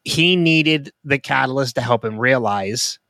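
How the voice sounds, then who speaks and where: A man co-hosting a podcast, talking through a TV episode in casual chat, openly emotional and quick to restart his sentences. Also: mid-range voice, bright, forceful tone, no room sound. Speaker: podcast co-host. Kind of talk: casual TV show discussion.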